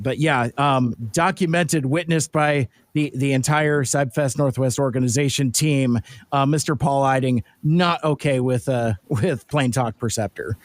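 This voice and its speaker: A man's voice: mid-range voice, no echo. A man co-hosting a casual podcast chat, rambling with lots of restarts and repeated words. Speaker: podcast co-host.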